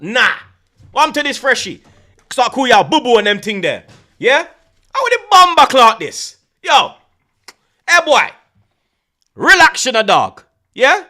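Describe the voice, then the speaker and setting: A man with a Jamaican accent hosting a stream, ranting loudly and teasingly in slang and patois. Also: extremely high pitch. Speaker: host. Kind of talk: heated livestream rant.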